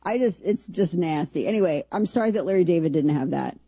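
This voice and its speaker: Woman host, casual political commentary, rambling and sarcastic, husky mellow voice, dry sound. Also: fairly low pitch, expressive, fairly quick, no echo. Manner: chatty, rambling, sarcastic asides.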